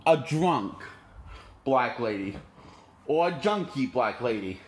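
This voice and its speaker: A man's voice: mid-range voice, animated, slow, a little hiss or hum. A man reviewing a movie in an indignant, profane, rambling rant. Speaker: movie critic.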